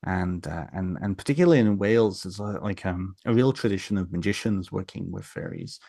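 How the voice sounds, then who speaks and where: A man's voice: low-pitched, very animated, fairly quick, vocal fry, mellow, breathy edge, no room sound. A man, a podcast guest, casually telling folk tales in a rambling way with many fillers and restarts. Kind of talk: casual storytelling in an interview.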